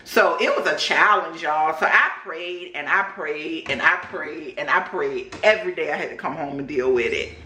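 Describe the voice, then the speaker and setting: A woman's voice: deep voice, moderate pace. Chatty woman vlogger in a roomy space. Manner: animated, chatty, addresses viewers as y'all. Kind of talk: casual storytelling to viewers. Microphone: camera microphone. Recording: roomy echo.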